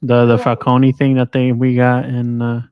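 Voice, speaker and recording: A man's voice: medium pitch, monotone, measured pace, narrow, tinny audio, crowd noise. A man on a film podcast, talking casually and crudely with lots of swearing. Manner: crude, swears a lot, loose. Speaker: podcast guest. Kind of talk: casual film review chat.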